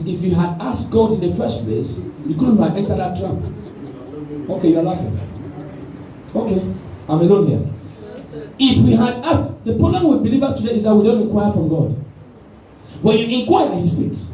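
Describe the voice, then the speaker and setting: A man preaching a sermon with animated call-and-response, recorded in a church hall with the mic at a distance. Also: high voice, moderate pace, long pauses. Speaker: pastor. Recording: echoey room, mic at a distance.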